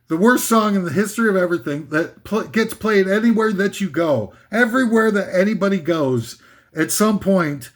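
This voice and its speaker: Scornful rambling man ranting. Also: fairly high pitch. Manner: scornful, rambling, sarcastic, with mock singing bits. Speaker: comedic ranter. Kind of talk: comedic rant.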